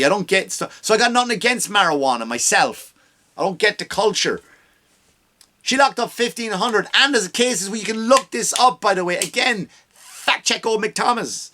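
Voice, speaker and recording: A man's voice: high voice, big pitch swings, moderate pace, bright, forceful tone. A man hosting a comedy podcast, ranting with heavy swearing and sarcasm, often mocking people in put-on voices. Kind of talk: profane comedic rant.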